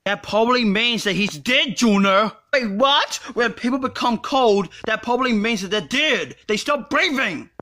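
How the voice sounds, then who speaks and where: A performer voicing a blunt hand creature who talks in a flat, matter-of-fact way. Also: medium pitch, normal speed, few pauses, pitched below the performer's own voice. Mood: deadpan.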